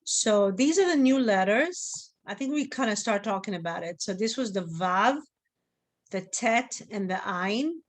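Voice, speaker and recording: A woman's voice: mid-range voice, expressive, a little slow. Patient woman teaching a class online, checking on her students. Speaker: Hebrew teacher.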